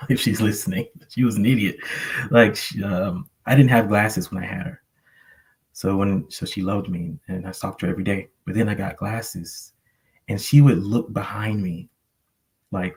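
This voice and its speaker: A man's voice: sits low, fairly even intonation, moderate pace, gravelly, a little mellow. A man sharing a personal story earnestly on a panel, rambling with many fillers. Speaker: panel guest.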